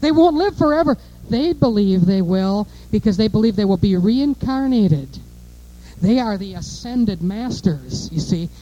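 A man preaching a fiery sermon, emphatic and repetitive, moving between offhand asides and loud declarations. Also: high-pitched, lively intonation, measured pace, highs cut off.

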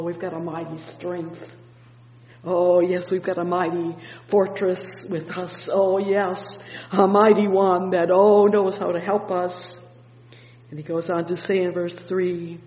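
A man's voice: high voice, darkish tone, reverberant, in a large hall, rough recording. A man preaching a sermon, fervent, often breaking in with "oh yes" and "praise the Lord".

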